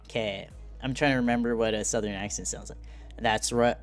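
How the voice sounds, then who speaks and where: A man's voice: lowish voice, steady tone, a little fast, faint music behind. A man streaming a story game, casually reading it aloud and making joking, laughing asides. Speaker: gaming streamer.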